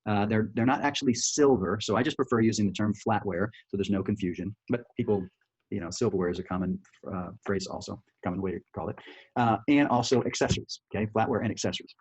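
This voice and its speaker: A man giving a screen-share sales training, talking quickly and casually, with many restarts and "right?" checks, recorded over a computer mic on a video call. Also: fairly low pitch, a little mellow, breathy edge. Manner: fast, chatty, full of restarts and "right?" checks. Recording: dull lo-fi audio.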